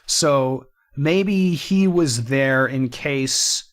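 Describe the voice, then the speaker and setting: A man co-hosting a game playthrough, thinking aloud in casual chat with halting restarts. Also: mid-range voice. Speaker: let's play co-host. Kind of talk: casual let's play discussion.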